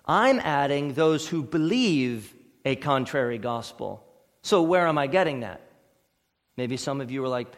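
A man preaching a sermon as pastor, emphatic, swinging between loud stressed words and quiet low asides. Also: expressive, unhurried, big-room sound. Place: church sanctuary.

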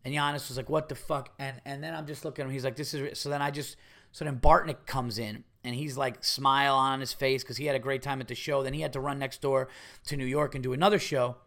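A middle-aged comedian hosting his podcast tells a profane, heated story, repeating himself as he acts out what people said. His mid-range voice is fast and fairly bright, with fairly even intonation.

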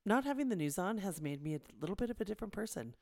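A woman co-hosting a podcast, talking in a relaxed, candid and profane way. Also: mid-range voice, rapid-fire, gravelly, no echo, studio quality. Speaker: podcast co-host. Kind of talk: casual chat.

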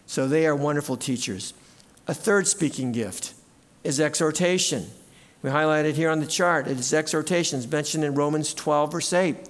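Guy pastor preaching in church, high voice, gets loud and lively. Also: moderate pace. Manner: animated, shouts out quoted cheers. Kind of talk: sermon. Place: church sanctuary.

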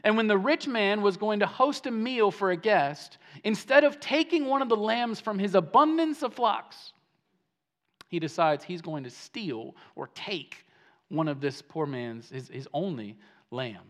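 A man preaching a sermon as pastor, animated and emphatic, often repeating words as he starts a phrase. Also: high-pitched, measured pace. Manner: animated preaching, swings between hushed and emphatic.

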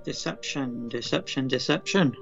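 A woman's voice: extremely low pitch, lively intonation, normal speed, gravelly, lo-fi sound, faint music behind. Chatty woman playing in character. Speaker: player. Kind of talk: playing a tabletop game in character.

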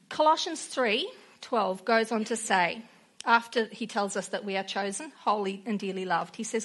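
A woman's voice: a little high, fairly bright tone. A woman preaching a sermon in an earnest way, weaving in personal stories.

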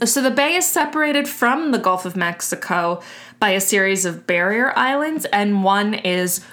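A woman's voice: medium pitch, animated, moderate pace, a bit bright. Woman, podcast co-host, casual chatty delivery with many fillers. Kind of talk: casual chat.

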